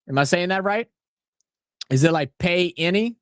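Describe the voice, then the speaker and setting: His voice is high, unhurried, clear and resonant, captured dry in clean studio sound. A watch-along host from New Orleans, USA, he speaks with the local accent, rambling, profane and excitable as he casually talks over a live match and tells stories.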